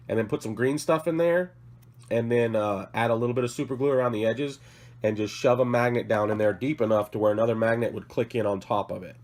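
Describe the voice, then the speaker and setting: A man with a cough, sick, hosting a casual hobby vlog from his work table, rambling and correcting himself as he shows off models. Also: medium pitch. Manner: rambling, self-correcting, apologetic. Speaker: hobby channel host.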